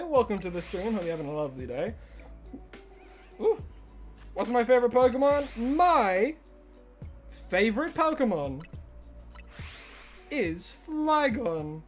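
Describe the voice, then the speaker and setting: A man with an Australian accent streaming a game live and chatting casually with viewers in a joking way, his voice prone to cracking. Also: sits high. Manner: jokey, greets and answers chat readers. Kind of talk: casual live-stream chat while gaming.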